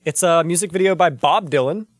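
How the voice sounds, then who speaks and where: A man chats casually as a podcast co-host, laughing often and correcting himself mid-thought. His voice is a little high. The sound is dry and close. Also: a little fast, no echo. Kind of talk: casual chat reviewing music videos.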